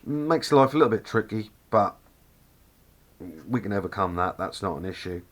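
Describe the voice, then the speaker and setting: Norfolk bloke, lowish voice, rambling happily through a kit review, keeps fixing his own words. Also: animated, moderate pace. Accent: Norfolk English. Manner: enthusiastic, loose and rambling, corrects himself mid-sentence. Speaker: scale model kit reviewer. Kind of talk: casual review walkthrough.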